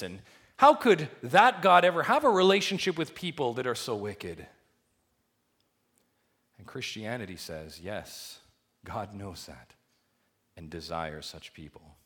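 A man preaching a sermon to his congregation, asking them rhetorical questions and swinging from soft, low stretches to loud, emphatic peaks. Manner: rising to emphatic high peaks, then dropping soft and low. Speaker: pastor.

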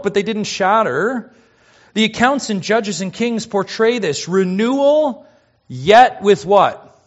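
A man preaching a sermon to his church, swinging between loud emphasis and hushed asides. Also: a little high, highs cut off. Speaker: pastor.

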